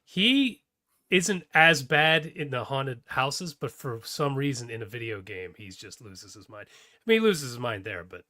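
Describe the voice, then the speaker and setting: Brief: man, easygoing co-host, bright tense voice, dry close sound. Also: mid-range voice, very animated, a little slow, no room sound. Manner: easygoing, laughs often. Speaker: podcast co-host. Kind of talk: casual chat.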